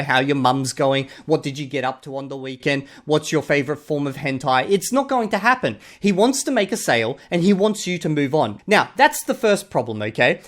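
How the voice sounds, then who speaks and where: A man with an Australian accent giving casual commentary as a channel host, blunt and sarcastic, and he swears casually. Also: on the high side. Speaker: channel host reviewing a video.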